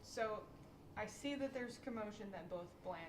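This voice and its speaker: A woman's voice: mid-range voice, moderate pace, recorded from a distance. A woman playing a tabletop game in a playful, eager way. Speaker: player. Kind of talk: casual tabletop play. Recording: echoey room, a bit off-mic, background noise.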